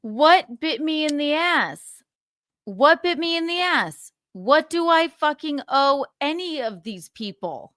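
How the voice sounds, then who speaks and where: High-voiced woman ranting angrily. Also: lively intonation, takes it slowly, fairly bright tone, dry recording, clean studio sound. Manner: angry, swearing, ranting. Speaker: livestream co-host. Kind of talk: heated casual chat.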